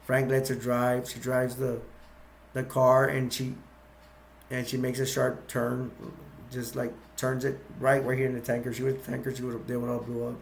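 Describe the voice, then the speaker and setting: Gravelly flat guy rambling thru a movie plot, lots of likes and uhs. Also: medium pitch, slight background noise. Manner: rambling, filler-heavy, halting. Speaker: movie recap youtuber. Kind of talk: casual movie retelling.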